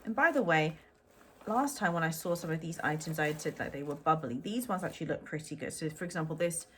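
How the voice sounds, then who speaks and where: A woman's voice: low voice, expressive, fast, slight background noise. A middle-aged woman vlogging a clothing unboxing in a chatty, rambling way with lots of ums. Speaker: fashion vlogger. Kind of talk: casual unboxing chat to camera.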